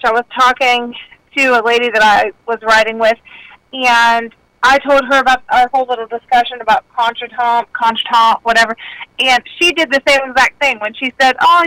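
A woman's voice: fairly high pitch, pushed and bright, no echo. A woman calling in to a radio show, talkative and folksy, heard over a phone line. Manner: talkative, self-deprecating, folksy. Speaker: radio caller. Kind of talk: casual phone-in chat.

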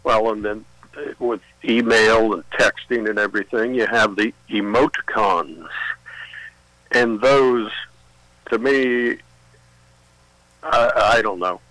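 A man calling in to a radio show, speaking in a measured, opinionated way. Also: lowish voice, bright, forceful tone, dry recording, poor audio. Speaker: caller. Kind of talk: call-in radio chat.

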